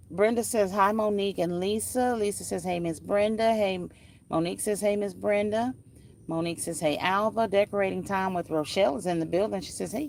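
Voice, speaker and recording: A woman's voice: lowish voice, gravelly, far from the mic, a little hiss or hum. A middle-aged woman, chatting casually on a livestream, reading out comments, laughing often and sounding hot and sweaty outdoors. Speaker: craft channel host. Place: outdoors in summer heat.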